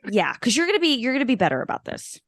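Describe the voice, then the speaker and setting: A woman's voice: on the high side, huge pitch swings, racing, no room sound, clean studio sound. A woman co-hosting a casual movie podcast, blunt and teasing, wandering into side stories. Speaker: podcast co-host.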